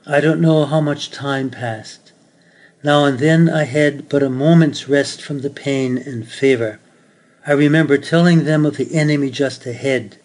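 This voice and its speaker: A man's voice: medium pitch, fairly even intonation, unhurried, a little mellow. A man preaching a sermon, telling a story earnestly and then reading scripture aloud.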